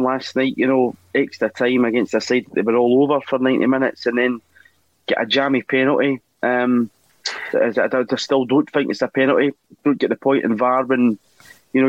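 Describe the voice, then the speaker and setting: A man gives calm, measured opinions on a football podcast. His voice sits at an ordinary pitch. The recording is dull and lo-fi with a dry, close sound. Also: dry recording. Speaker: podcast co-host. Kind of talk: casual football chat.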